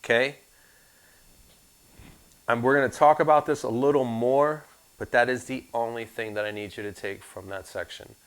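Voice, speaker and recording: A man leads a live insurance class in a loose, joking way. He turns to his students with asides between points and gets lively as he goes. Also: medium pitch, normal speed, long pauses, clean tone. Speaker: insurance licensing instructor.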